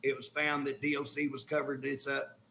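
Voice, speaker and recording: A man's voice: mid-range voice, level tone, brisk, creaky, bright, forceful tone, reverberant, a little hiss or hum. A man with an Oklahoma accent, a state legislator telling a story in folksy, indignant, casual talk with colloquial grammar. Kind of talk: casual talk show conversation.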